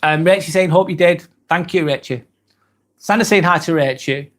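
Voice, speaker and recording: A man's voice: on the high side, moderate pace, a bit bright. A man, hosting a live stream and chatting casually through viewer comments, earnest and hesitant, with many ums and apologies. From England. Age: 40s.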